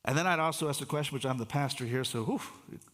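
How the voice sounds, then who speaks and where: Conversational pastor preaching in a reverberant hall. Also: male voice, medium pitch, fast talker, a bit bright, a little hiss or hum. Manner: conversational, restarts phrases, asks the congregation questions. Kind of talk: sermon. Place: church sanctuary.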